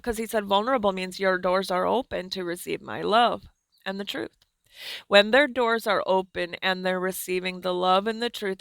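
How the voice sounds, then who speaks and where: A woman giving slow, earnest, soft-spoken devotional teaching as a Christian speaker. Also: mid-range voice, vocal fry, clear, resonant tone, dry recording.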